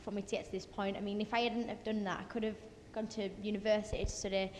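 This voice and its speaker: A woman's voice: medium pitch, flat delivery, quick pace, darkish tone. Young woman, chatty singer in an interview, reverberant office, faint background noise. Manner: chatty, many fillers and restarts. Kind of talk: casual interview chat. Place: office space. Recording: long reverb in an office space.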